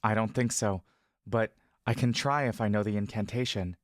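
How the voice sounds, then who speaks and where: A man voicing a soothing gentle furbolg. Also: lowish voice, moderate pace, no echo, clean studio sound, lightly acted. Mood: calm. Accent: elvish intonation. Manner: calm, reassuring. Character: gentle male furbolg speaking telepathically. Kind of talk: audio drama narration.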